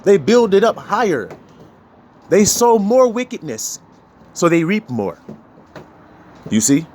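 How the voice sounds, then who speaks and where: Brief: man, sermon preacher, animated pitch, higher voice, faint noise behind. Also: slow. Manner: preachy, laughs often, swings between loud and low. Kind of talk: street sermon.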